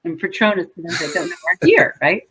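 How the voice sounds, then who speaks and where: A woman guest in an interview, telling her story in a lively way and acting out her own past words. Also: on the low side, fast talker, slightly rough.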